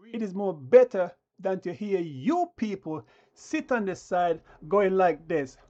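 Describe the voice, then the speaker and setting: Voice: medium pitch, darkish tone, highs cut off. A channel host delivering a combative, preachy live-stream rant that talks down to the viewers.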